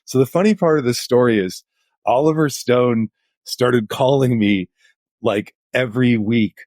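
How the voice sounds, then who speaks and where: A man's voice: medium pitch, measured pace, a little mellow, dry recording, studio quality. A middle-aged man, a journalist guest, telling anecdotes in a casual interview with lots of "like" fillers. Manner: anecdotal, chatty, many "like" fillers.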